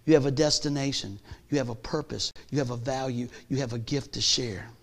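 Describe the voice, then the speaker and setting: A man preaching a sermon in a folksy, conversational way, swinging from hushed lines to shouts. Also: medium pitch, a little fast, gravelly.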